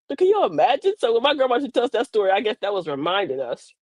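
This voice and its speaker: An older woman, a grandmother, hosting a livestream and telling sassy, funny stories about parenting in a casual, animated way. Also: mid-range voice, fast, dry recording, lo-fi sound. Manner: animated, sassy storytelling with laughs. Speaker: livestream host. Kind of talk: casual comedic livestream monologue.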